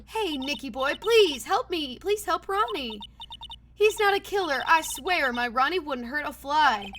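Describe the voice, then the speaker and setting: A woman voicing a lovestruck, doting wife in a video game, with a put-on Southern American lilt and a breathy, sing-song gush. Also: sits high, lively intonation, measured pace, noisy background. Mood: pleading. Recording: game music underneath.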